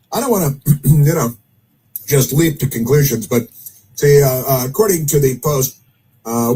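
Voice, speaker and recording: An American man with a mid-range, mellow, husky voice rambles through casual political commentary, full of filler words and dry, sarcastic asides. The audio quality is poor.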